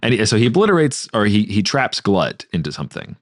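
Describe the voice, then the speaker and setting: A male co-host with a very low voice that swings widely in pitch, talking through story ideas casually. The sound is dry and close. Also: fast, no echo. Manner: animated, playful, slips into character voices. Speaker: podcast co-host. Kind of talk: casual story brainstorming chat.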